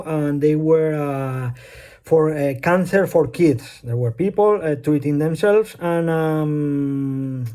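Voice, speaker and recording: A man's voice: a little high, warm tone. Hesitant man with a Spanish accent. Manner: hesitant, many fillers, loses his thread. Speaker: vlogger. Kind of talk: rambling personal monologue. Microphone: phone.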